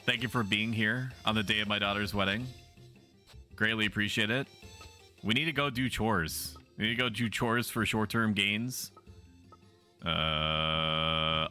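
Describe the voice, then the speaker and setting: A man's voice: fairly low pitch, a little slow, pushed and bright, faint music behind. A man streaming a game, chatting playfully and bawdily with his viewers in a teasing, casual way. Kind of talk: casual gaming commentary.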